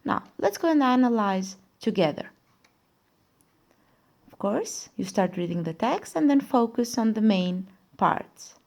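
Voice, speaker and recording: A woman's voice: on the high side, lively intonation, a little mellow. A woman teacher, not a native English speaker, walking students through a reading exercise, asking questions and then giving the answers herself. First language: Albanian. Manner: slow, careful explaining, asks and answers her own questions. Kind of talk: recorded classroom lesson.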